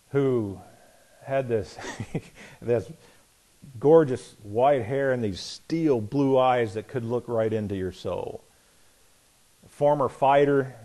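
A middle-aged man preaching a personal testimony, telling his story with swings from loud excitement to hushed quiet. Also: mid-range voice. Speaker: pastor. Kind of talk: sermon testimony.

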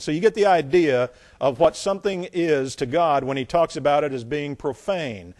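A man's voice: medium pitch, animated, moderate pace, hardly any pauses, darkish tone. A man preaching a sermon. He reads scripture aloud with emphasis and drops into blunt, scornful, plain-spoken asides. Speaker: pastor.

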